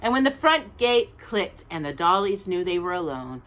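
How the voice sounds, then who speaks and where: A woman reading a children's storybook aloud as a storyteller, with an expressive delivery. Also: on the low side, moderate pace. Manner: animated, expressive.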